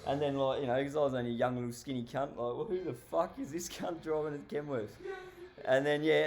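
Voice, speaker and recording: An Australian man telling a story casually, rambling and swearing constantly, often laughing. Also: mid-range voice. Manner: heavily profane, rambling, laughs while telling.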